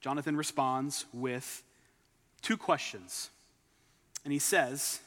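A man's voice: mid-range voice, takes it slowly, pauses often, a bit bright, big-room sound. A man preaching a sermon, retelling a scripture story with emphatic asides.

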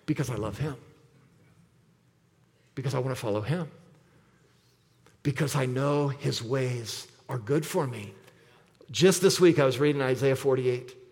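In a mid-range, darkish voice, the man preaches unhurriedly, pausing often while he emphatically repeats scripture and poses rhetorical questions as pastor. Long large-hall reverb colors the recording.

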